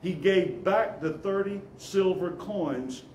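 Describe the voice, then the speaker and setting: Slow-spoken preacher in an echoing church. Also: male voice, slight background noise. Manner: storytelling, dropping low and quiet on solemn lines. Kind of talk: dramatic scripture reading in a sermon. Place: church sanctuary. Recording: echoey church room, faint ambience.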